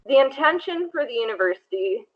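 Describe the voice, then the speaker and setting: A woman's voice: sits high, lively intonation, fairly quick. A woman student presenting a class project, reading from notes with frequent fillers and restarts. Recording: tinny phone-like audio.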